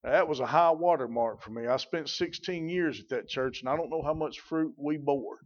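A man's voice: a little high, moderate pace. A man, a pastor preaching a sermon in a folksy, rambling way with many fillers. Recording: dull, lo-fi recording.

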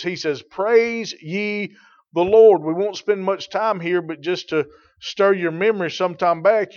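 A male pastor delivers a sermon in a fairly high voice. His delivery swings from calm, quiet teaching to loud, emphatic declarations. The recording sounds dull and lo-fi.

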